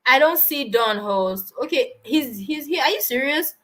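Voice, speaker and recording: A woman's voice: high voice, expressive, a little slow, fairly bright tone. A young woman hosting a live stream, chatting casually and animatedly while answering viewer comments.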